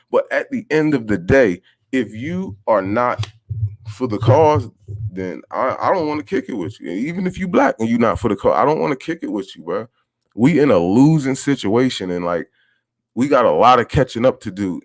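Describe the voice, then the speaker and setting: Impassioned, slangy man on a live stream. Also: medium pitch. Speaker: host. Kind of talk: casual live-stream monologue.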